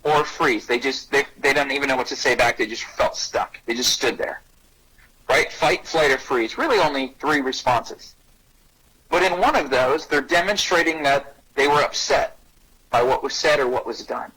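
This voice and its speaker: A man giving an energetic parenting talk on bullying who acts out short dialogues in a raised voice. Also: normal speed, slightly rough, poor audio. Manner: energetic, acts out little dialogues with rising pitch. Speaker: anti-bullying speaker and parenting coach.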